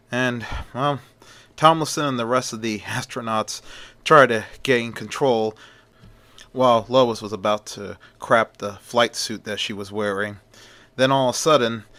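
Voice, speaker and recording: Male storyteller, casual, rambling, bright voice. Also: medium pitch, dry recording. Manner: rambling, with fillers and restarts. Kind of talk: casual fan story narration.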